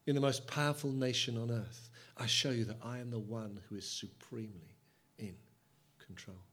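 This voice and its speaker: A man speaking as God in a calm, patient voice that is low, quiet and measured. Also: husky. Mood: solemn.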